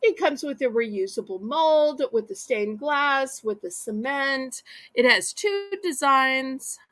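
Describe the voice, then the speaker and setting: A slow, expressive, somewhat bright high voice belongs to a woman hosting a live online auction. Her sales patter is chatty and folksy, and she mentions her voice is giving out as she loses it.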